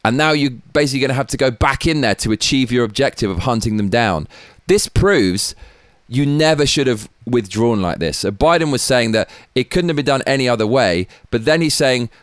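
Angry, profane ranter. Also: male voice, mid-range voice, animated, brisk, no room sound, clean studio sound. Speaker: host. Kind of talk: ranting political commentary.

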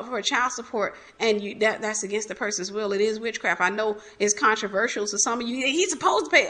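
A woman with a bright, forceful and fairly high voice preaches a testimony. She exhorts her listeners directly and repeats her key phrases, rushing in bursts and then slowing down to hammer a point. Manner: fervent, exhorting the listeners, quick bursts then slow emphatic lines. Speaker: Christian ministry teacher.

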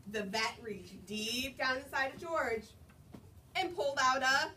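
Animated woman reading to children. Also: high voice, a little slow. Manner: animated, sing-song, asks children questions. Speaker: children's librarian. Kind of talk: storytime read-aloud. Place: library story room. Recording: distant mic, noisy room. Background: children answering.

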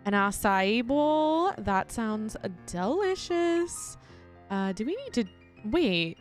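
Lively, unhurried woman gaming chatter. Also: on the high side, faint music behind. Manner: chatty, giggly, talks to viewers. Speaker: gaming YouTuber. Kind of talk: casual let's-play commentary.

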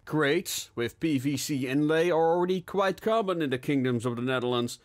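A man's voice: on the high side, moderate pace, pitched above the performer's own voice, natural voice. A man voicing a cynical, joking junior police colleague in a steampunk audiobook. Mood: wry. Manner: jesting, pedantic.

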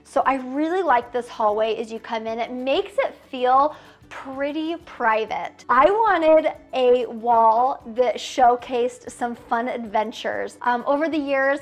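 A woman in her thirties giving a casual home tour, gushing and chatty with lots of fillers. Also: high voice. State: tearful at times. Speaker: vlogger. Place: inside a home.

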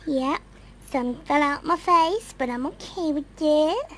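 A woman's voice: sits high, lively intonation, a little slow, a bit bright, a little hiss or hum. A woman voicing a chatty young female pet dog, narrating her own doings in a chirpy, baby-ish way.

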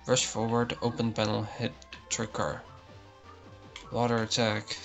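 A man's voice: lowish voice, completely flat delivery, a little slow, vocal fry, soft background music. A young man commentating his own gameplay, frustrated, swearing and muttering to himself. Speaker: let's play host.

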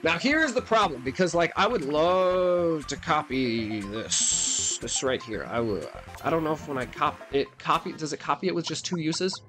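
A man's voice: fairly high pitch, normal speed, hardly any pauses, over music. A man giving playful gameplay commentary, talking directly to his viewers. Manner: playful, talks to viewers, animated. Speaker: let's play host.

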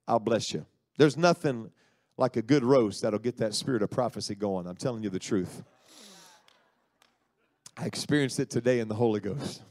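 Folksy preacher retelling a story. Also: male voice, mid-range voice, dry recording, studio quality. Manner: animated, folksy, acts out voices. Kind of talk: sermon storytelling.

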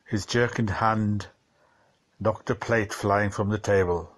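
Man narrating a measured dramatic story. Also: lowish voice, fairly even intonation. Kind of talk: audiobook narration.

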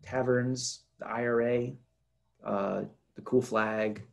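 Wry young American man, gravelly voice. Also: medium pitch, fairly even intonation, slow. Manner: wry, joking, trails off and mumbles. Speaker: podcast guest. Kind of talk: casual chat.

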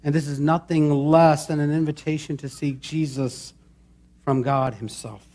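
A man's voice: fairly high pitch, steady tone, measured pace, darkish tone. A male pastor preaching a sermon, chatting with his congregation and building to emphatic calls. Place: church sanctuary.

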